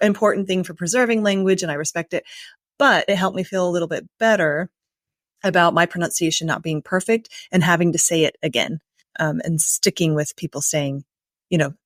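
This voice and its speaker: A woman's voice: lowish voice, fairly quick, dry recording, studio quality. An American woman from the United States hosting a podcast interview, conversational and thinking aloud. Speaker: podcast host.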